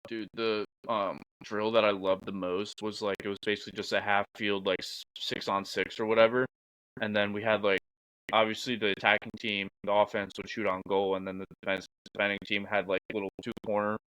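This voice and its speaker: Relaxed young man, lowish voice, swearing casually. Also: brisk, clear, resonant tone, dry recording, low-quality recording. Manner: relaxed, profane, says "dude" a lot. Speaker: podcast co-host. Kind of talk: casual chat.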